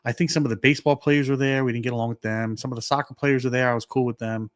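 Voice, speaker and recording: A man's voice: mid-range voice, racing, no echo. A man tells a story on a podcast, switching into the voices of the people in it and leaning on "like" as he goes. His voice sits in an ordinary middle range. It is recorded dry and close, with no room sound around it. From New York. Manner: animated, acts out quoted dialogue, many "like" fillers. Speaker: podcast co-host. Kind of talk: casual storytelling.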